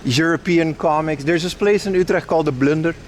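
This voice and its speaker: Out on a walk, a livestreamer from the Netherlands keeps things casual, rambling, laughing frequently, and addressing his chat. The Dutch man's voice is on the high side and fairly quick, with slight noise in the background.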